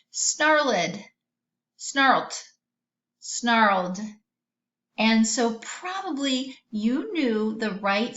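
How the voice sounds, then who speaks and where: A woman teaching a vocabulary lesson to children in a gentle, sing-song way. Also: medium pitch, reverberant, muffled recording.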